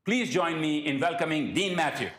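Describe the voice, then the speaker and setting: A man with a slightly raised pitch reads a formal introduction for a guest speaker. His voice rings through a roomy, echoing lecture hall, measured and prepared. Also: a crowd in the background, noisy background. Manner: reads from prepared remarks, occasional slips. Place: university event hall.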